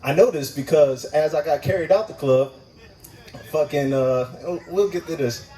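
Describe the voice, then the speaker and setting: A man's voice: fairly high pitch, unhurried, far from the mic, low-quality recording. A man doing stand-up at an open mic, telling a profane story and acting out the people in it. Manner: profane, animated, acts out voices in his story. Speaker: stand-up comic. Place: live open mic venue.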